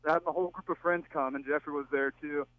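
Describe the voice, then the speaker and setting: A man's voice: on the high side, steady tone, fast talker, no room sound. A man from Texas calling in to a radio show and telling a rambling, jokey party story over the phone. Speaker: caller. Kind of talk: casual storytelling. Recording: tinny phone line.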